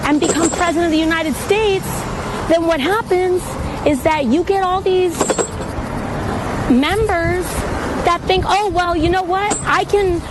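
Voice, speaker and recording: A woman's voice: very high voice, unhurried, noisy background. A woman talking earnestly into earbuds while riding a scooter or bike outdoors, in a played clip.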